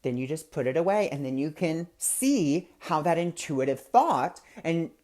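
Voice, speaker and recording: A man's voice: fairly high pitch, lively intonation, measured pace, a little mellow. Male host, spiritual talk, chatty and anecdotal, conversational delivery. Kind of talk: casual spiritual teaching talk.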